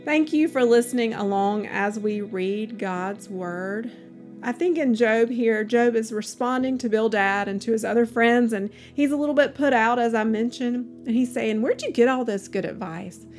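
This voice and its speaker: A woman giving a devotional Bible reading, reading in a measured, unhurried way with brief reflections between passages. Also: fairly high pitch, a little mellow, soft background music. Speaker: scripture reader.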